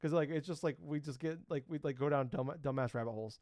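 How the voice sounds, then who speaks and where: A man in his thirties rattles along quickly in casual podcast chat, his voice sitting a touch high. He rambles with plenty of fillers and swears now and then. The close mic sounds dry, with no room around it. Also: a little mellow, dry recording. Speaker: podcast co-host.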